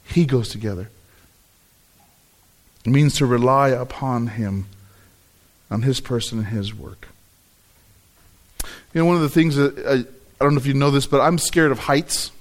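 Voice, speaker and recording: A man's voice: medium pitch, moderate pace, long pauses. A middle-aged man preaching a sermon, telling a personal story and acting out his own reactions. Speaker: pastor.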